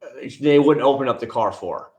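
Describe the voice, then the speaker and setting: A man's voice: medium pitch, fairly quick, darkish tone. A man hosts a casual live stream and answers his viewers in a loose, rambling way. He restarts his sentences often, drifts into asides, and calls people by name. His voice bounces around a noticeably echoey room. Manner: talks directly to viewers by name.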